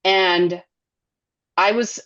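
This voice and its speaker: A woman who directs and produces children's television, chatting as an interview guest in a chatty, animated way with many fillers. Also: mid-range voice, extremely slow, lo-fi sound. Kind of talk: casual interview chat.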